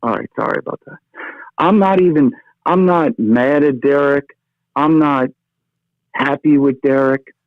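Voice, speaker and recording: A man's voice: mid-range voice, measured pace, long pauses, dry recording. A man calling in to a sports talk show, ranting with fire and tagging his lines with "okay?" and "brother.". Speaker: caller. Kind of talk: phone-in sports rant. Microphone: phone. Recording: tinny phone line.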